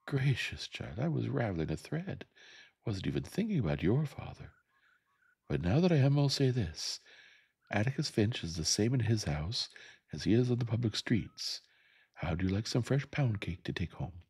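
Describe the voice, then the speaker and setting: A sharp-tongued older Southern neighbor woman, given voice by a man in a gentle storybook reading. She speaks in a dry, firm, plain-spoken way. The voice under her is very deep and husky, with lively swings in pitch. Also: normal speed, heavily acted.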